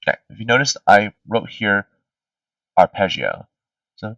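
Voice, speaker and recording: A man's voice: fairly low pitch, very animated, a little fast, vocal fry, a bit bright, dry recording. A man tutoring music theory in a casual review session. He sings melody fragments on syllables and keeps checking in with "right?". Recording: distant, slightly dull streamed audio.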